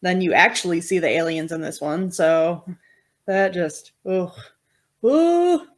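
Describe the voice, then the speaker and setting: A woman co-hosting a horror podcast, chatting casually and explaining things in a steady, measured way. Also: fairly low pitch. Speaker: podcast co-host. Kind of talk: casual chat.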